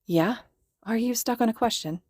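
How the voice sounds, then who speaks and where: Woman putting on a high, upset young man. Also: moderate pace, darkish tone, dry recording, studio quality, lightly acted. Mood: hesitant. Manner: voice rising high when distressed. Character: upset young man, pleading then tearful and accusing.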